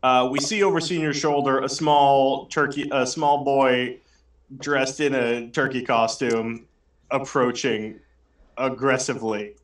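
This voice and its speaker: Slow, laughing man pitching comedy bits. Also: fairly even intonation, distant mic. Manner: laughs often, pitches bits with self-aware asides. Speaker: guest co-writer. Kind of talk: improvised comedy writing.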